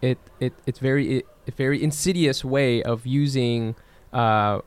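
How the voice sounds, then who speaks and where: A man co-hosting a casual podcast chat, animated, with many restarts and "you know"s. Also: mid-range voice, moderate pace, clear, resonant tone.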